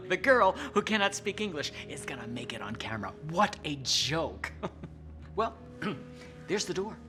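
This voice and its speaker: An actor playing a mocking, condescending boss in a scripted drama. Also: male voice, a little high, sing-song, drawn-out words, long pauses, over music, exaggerated voice.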